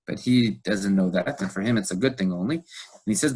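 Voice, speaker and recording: A low, husky male voice recounting events on a podcast, lively and animated as he acts out the people in his story. He speaks with frequent fillers and a storyteller's pacing. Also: a little fast. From United States. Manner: animated retelling with acted quotes, fillers. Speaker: podcast guest. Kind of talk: storytelling interview.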